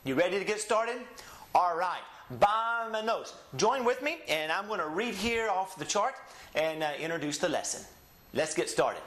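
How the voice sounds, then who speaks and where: Male Spanish teacher, slightly high voice, slow drilled examples, echoey room. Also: very animated, fairly bright tone. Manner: slow, drawn-out model pronunciations for students to repeat. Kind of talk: language lesson.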